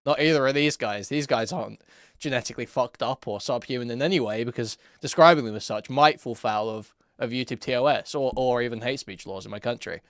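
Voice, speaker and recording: A man's voice: medium pitch, a bit bright, clear, resonant tone, dry recording, clean studio sound. A man hosting a live-stream commentary, sarcastic and rambling with lots of fillers.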